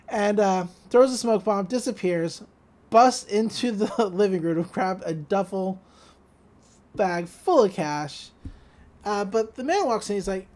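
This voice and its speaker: A woman co-hosting a podcast, casually recapping a cartoon episode, laughing often and slipping into quick voices for the quotes. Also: medium pitch. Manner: giggly, animated retelling with quick voices for quotes. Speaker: podcast co-host.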